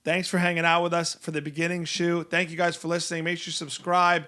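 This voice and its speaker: Podcast host guy, upbeat and jokey, slightly high voice for a dude. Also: completely flat delivery, fast, sharp tone, clean tone. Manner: upbeat, laughs often, teasing. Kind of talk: casual chat. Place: podcast studio room.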